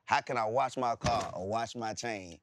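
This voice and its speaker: A man's voice: lowish voice, normal speed, fairly bright tone, no echo. A man, a comedian guest, talking plainly and preaching straight talk in a casual panel chat.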